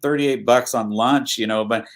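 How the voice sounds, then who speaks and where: A man, a musician guest, chatting casually on a video call and telling road stories with lively quoted voices. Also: mid-range voice, moderate pace. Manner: animated storyteller, acts out quoted voices. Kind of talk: casual interview chat.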